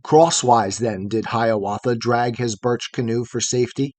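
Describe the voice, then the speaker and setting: A man's voice: medium pitch, measured pace, no room sound. Man reciting epic verse, dry sound. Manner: steady, rhythmic verse recitation. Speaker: narrator. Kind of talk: poetry reading.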